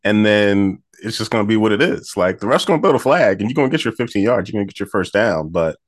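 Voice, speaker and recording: Deep-voiced man breaking down football picks. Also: lively intonation, rapid-fire, no room sound, clean studio sound. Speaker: sports betting podcast co-host. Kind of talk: casual sports talk.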